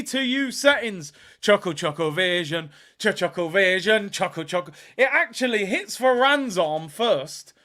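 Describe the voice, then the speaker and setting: A man hosting a live football watchalong, bantering and trolling rival fans, bursting into shouts at big moments. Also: sits high.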